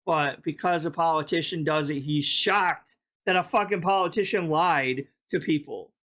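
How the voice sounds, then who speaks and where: A reaction host talks over a clip in a casual, mid-pitched voice. The tone is exasperated and sarcastic, with plenty of swearing. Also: normal speed, a bit bright.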